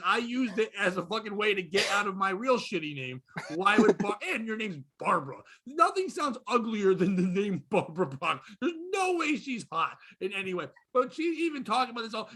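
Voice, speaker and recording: A man with a fairly high voice hosts a comedy podcast. He rants with plenty of profanity, dropping into low mutters and then bursting out loud. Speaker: podcast host. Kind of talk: casual comedy podcast rant.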